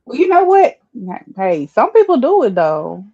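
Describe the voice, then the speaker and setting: A woman's voice: sits high, wildly swooping pitch, a little slow, warm tone. A woman with a Southern US accent, a guest on a casual live stream, talking in an easygoing way and laughing often. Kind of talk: casual chat. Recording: dull lo-fi stream audio.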